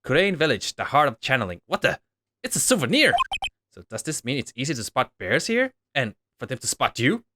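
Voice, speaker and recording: A man casually reading a detective game's dialogue aloud in a wry, relaxed playthrough. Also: mid-range voice, fairly quick, few pauses, background noise. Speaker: game streamer reading all characters. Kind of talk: game playthrough voicing the text. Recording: voice over loud game music.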